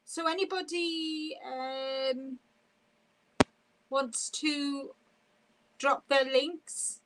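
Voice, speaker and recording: A woman hosting a casual live stream, chatty and quick to laugh as she reads viewer comments aloud. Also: high voice, steady tone, fairly bright tone, slight background noise, low-quality recording.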